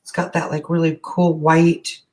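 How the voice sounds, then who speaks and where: A woman's voice: low voice, monotone, measured pace, a little mellow. A middle-aged woman leading a casual live energy-healing session, chatty and frank, with easy swearing. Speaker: energy healer.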